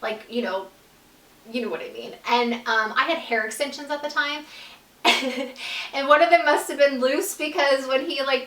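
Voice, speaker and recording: A woman's voice: sits high, sharp tone. A young woman telling a casual, blunt and profane storytime, full of "like" fillers. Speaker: vlogger telling stories. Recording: roomy echo, a bit far from the mic.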